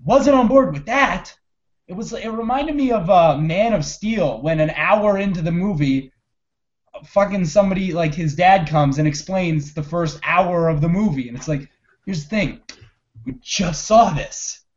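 A man co-hosting a casual movie review chat, animated and profane, quoting scenes in put-on voices. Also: sits high, measured pace, lo-fi sound. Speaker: podcast co-host.

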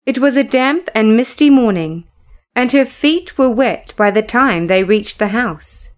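A woman narrating a classic story in a measured, even reading voice. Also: a little high.

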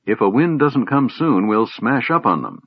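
A man's voice: mid-range voice, very animated, normal speed, slightly rough, dry recording, pitched above the performer's own voice. A man voicing an irritable middle-aged ship captain who talks grimly and snarls his words, in a dull lo-fi recording. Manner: snarling, blunt.

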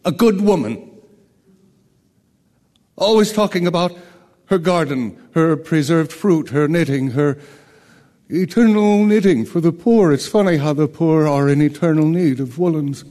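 A man's voice: fairly high pitch, unhurried, pauses often, mellow, lightly acted. An older actor playing a weary, grieving old king in a radio play, with bitter irony. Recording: long hall reverb.

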